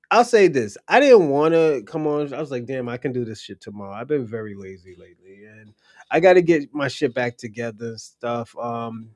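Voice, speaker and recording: A man's voice: mid-range voice, dry recording, clean studio sound. Blunt, profane man talking straight into the mic. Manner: blunt, profane, rambling storytelling. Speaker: livestream host. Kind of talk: casual livestream chat.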